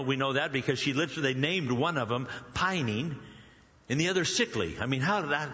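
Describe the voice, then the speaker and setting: A male preacher delivering a sermon, telling Bible stories in an animated way and acting out the characters' lines. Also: a little high. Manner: animated storytelling, acts out biblical characters in quoted voices. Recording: dull sound with long hall reverb.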